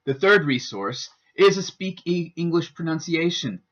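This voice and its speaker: A man giving a scripted instructional narration as a student presenter, with a careful, deliberate teaching delivery. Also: on the high side, expressive, a bit bright. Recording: dull lo-fi voice-over.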